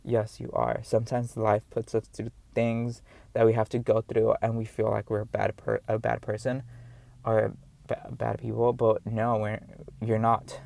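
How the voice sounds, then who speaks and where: A man's voice: fairly low pitch, completely flat delivery, normal speed, creaky, darkish tone. A man with a noticeable accent giving an earnest, rambling talk to camera, encouraging viewers with many fillers and repeated words. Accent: noticeable non-standard accent. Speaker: vlogger. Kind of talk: casual motivational talk to camera.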